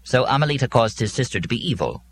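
A man's voice: mid-range voice, expressive, fast talker, slight background noise, voice pushed up, close to an everyday voice. A man voicing a pedantic, long-winded male robot that lectures with precision. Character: fussy pedantic male robot, wordy and earnest.

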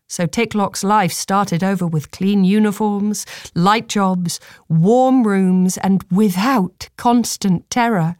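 Female audiobook narrator, slow, lowish, dry close sound. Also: darkish tone, no room sound.

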